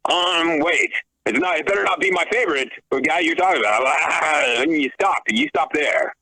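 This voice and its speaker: A man's voice: fairly high pitch, normal speed, bright, forceful tone, rough recording. A man ranting on a talk podcast, profane and sarcastic, restarting his sentences as he goes. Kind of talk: heated podcast rant.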